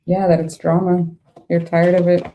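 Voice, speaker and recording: A young woman talks through a tarot reading in a casual, unscripted way. Her voice sits a little low and has a dark, mellow tone. She is blunt and exasperated, and she swears freely as she reacts. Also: completely flat delivery, moderate pace, dull audio. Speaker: tarot reader.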